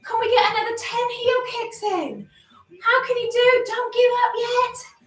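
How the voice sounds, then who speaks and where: A woman leading an exercise class in a very high voice, cheering people on with a steady, unhurried delivery. She sounds slightly out of breath from moving along with the class. The recording is roomy and picked up from a distance, with faint music behind her. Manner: upbeat, encouraging, chatty with self-deprecating jokes. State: a bit out of breath while exercising. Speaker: exercise instructor. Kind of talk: live workout class instruction.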